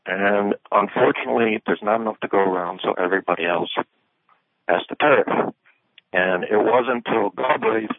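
Male radio caller, deep gravelly voice, phone-line sound, halting delivery. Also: no room sound. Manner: halting, restarts mid-sentence. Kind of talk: phone-in commentary.

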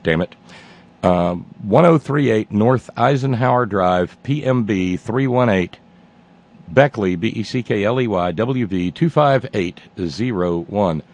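A male talk-radio host delivers a casual, rambling monologue. His tone is sardonic and his voice sits low, with a gravelly texture. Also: expressive, unhurried, a little mellow. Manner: rambling and sardonic, with many fillers and restarts.

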